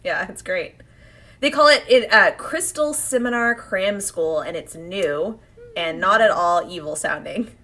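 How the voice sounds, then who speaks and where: A woman co-hosting a casual podcast, recapping an episode and acting out the characters' lines in quick quotes. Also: mid-range voice, lively intonation, pushed and bright. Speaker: podcast co-host.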